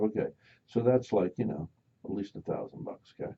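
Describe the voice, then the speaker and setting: A man hosting a radio talk show whose gravelly, husky voice swings widely in pitch as he tells his stories. He chats casually and acts out the other people in his stories. The sound is dull and lo-fi, as in an old radio broadcast. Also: brisk. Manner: animated storyteller, acts out loud voices. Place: radio studio.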